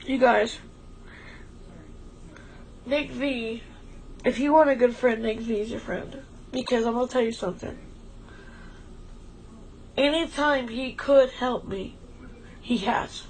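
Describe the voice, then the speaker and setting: A woman with a slightly high voice chats casually on a stream, heartfelt and a little rambling. She sounds emotional and grateful, with faint background noise under her voice. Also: takes it slowly, pauses often, a little mellow, rough recording. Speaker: livestream co-host.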